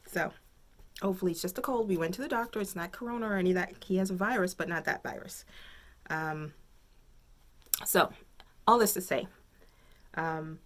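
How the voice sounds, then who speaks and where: A woman with a slightly low voice talks through her crafts from home in a loose, rambling way. She thinks aloud as she goes and fills the gaps with ums. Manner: rambling, chatty, thinks aloud with many fillers. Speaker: crafting podcast host. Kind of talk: casual chat.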